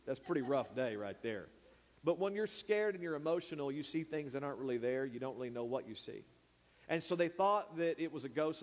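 A man, a pastor preaching a sermon who calls out to the congregation to repeat words after him. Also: medium pitch. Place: church sanctuary. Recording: long hall reverb.

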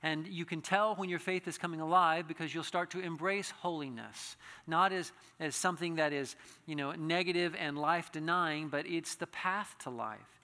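A high, bright male voice preaching in a long-reverb church hall. He speaks earnestly and climbs into impassioned pleading, often restarting his phrases. The sound carries a lingering echo. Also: normal speed. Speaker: pastor. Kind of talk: sermon.

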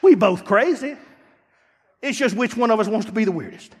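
A man pastor preaching a sermon, dropping to low asides and rising to shouts, acting out church members. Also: lively intonation, moderate pace, breathy edge. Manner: acts out church members in quoted voices. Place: church sanctuary. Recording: long hall reverb.

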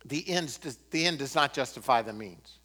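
A man preaching a sermon as pastor, impassioned, swinging from emphatic peaks to quiet, earnest moments. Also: medium pitch, expressive, moderate pace. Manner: impassioned, rising to emphatic peaks then dropping to quiet prayer.

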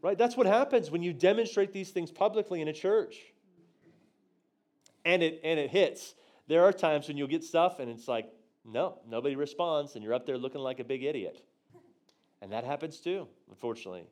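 Lively man telling a church story. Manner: animated storyteller, acts out his own quotes with big jumps in pitch and volume; drops low and quiet for tender moments. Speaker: guest teacher on prophecy. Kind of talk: storytelling sermon.

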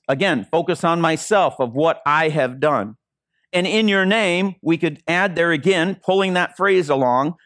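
A man's voice: a little high, fairly bright tone, dry recording, clean studio sound. A man preaching a sermon as interim pastor, earnest and repeating phrases for emphasis. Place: church.

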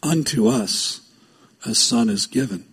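A man preaching a sermon as a pastor, reading scripture aloud with slow, stressed phrasing and breaking off into quick asides. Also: mid-range voice, a bit bright, breathy edge.

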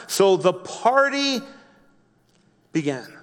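A man preaching a sermon, reading a Bible story slowly and explaining it in his own words with frequent restarts. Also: high-pitched, in a large hall. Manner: reads scripture slowly, then explains with repeated restarts. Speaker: pastor.

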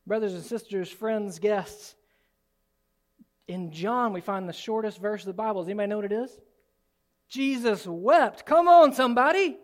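A man preaching a sermon as pastor in a church, swinging from soft, low asides to loud, high exclamations. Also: fairly even intonation, moderate pace. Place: church sanctuary.

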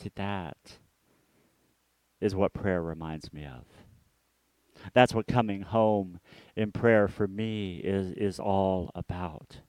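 A man preaching a reflective sermon as a pastor. He often repeats words and trails off softly at the ends of his phrases. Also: sits low, takes it slowly, pauses often, no echo.

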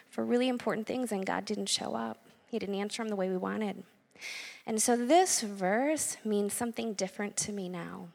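A woman's voice: medium pitch, gravelly. A middle-aged woman giving a candid, earnest personal faith testimony to an audience. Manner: candid and earnest, frank about anger. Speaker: church speaker sharing a testimony. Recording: long hall reverb.

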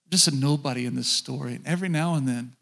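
A man's voice: mid-range voice, fast talker, creaky, a bit bright. A middle-aged man preaching a sermon as pastor, talking straight to his congregation and often asking them questions.

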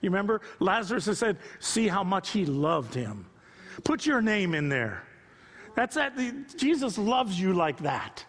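An older male pastor in his sixties with a notably high voice delivers an unscripted sermon. He shifts between gentle personal stories and fervent, climbing pleas. His voice rings out with a long reverb through a church sanctuary. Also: sing-song, a little slow. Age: 60s. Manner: preaches off the cuff, building from quiet storytelling to impassioned rising appeals.

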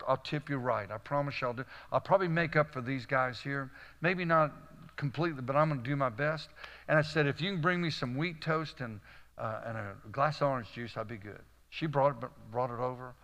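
A man preaching to a live audience, telling folksy stories with a Southern "y'all" and lively, animated delivery. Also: mid-range voice, in a large hall. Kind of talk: storytelling sermon.

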